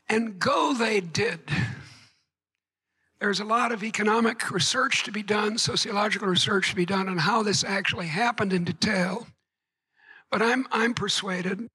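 A man giving a public lecture to an audience, halting and repeating words, with wry asides. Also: high voice, sharp tone, breathy edge, poor audio.

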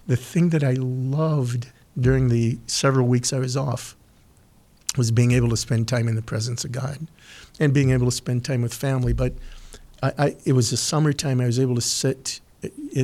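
A man speaks in an earnest, heartfelt devotional voice, leaning on words with slow, deliberate pauses. His pitch sits in an ordinary middle range. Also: steady tone, dark tone. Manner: earnest, slow and emphatic with pauses, gets emotional. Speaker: podcast host giving a devotional. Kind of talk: devotional talk and prayer.

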